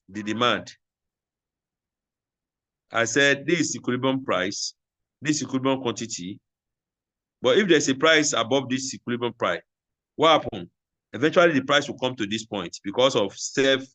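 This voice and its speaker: Male lecturer, classroom lecture, slow repeated phrases for dictation, asks and answers his own questions, mid-pitched voice. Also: a bit bright.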